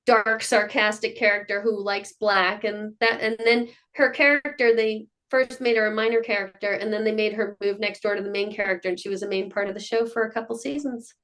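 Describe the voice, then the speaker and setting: A middle-aged woman, a mother of child performers, telling stories in a casual interview and acting out what people said. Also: mid-range voice. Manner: animated storyteller who acts out quotes.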